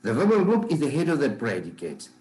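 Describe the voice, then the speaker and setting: A man teaching a grammar class in a measured lecture, often checking understanding with "okay?" and "right?". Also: mid-range voice, wildly swooping pitch, a little mellow, poor audio.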